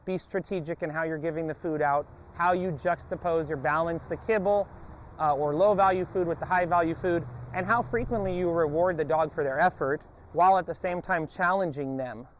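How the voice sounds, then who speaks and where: An American man working as a dog trainer, explaining a training session and giving sharp commands to his dog, recorded on a lapel mic. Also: on the high side, fairly quick, a little hiss or hum. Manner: barks short loud commands to a dog between calm explanations. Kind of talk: training demonstration with commentary. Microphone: wired lapel mic.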